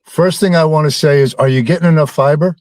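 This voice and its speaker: A man's voice: a little high, fast, a little mellow, no echo. A man calling in to a sports show, rambling and teasing, with plenty of ums. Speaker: caller. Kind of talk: phone-in chat with a host.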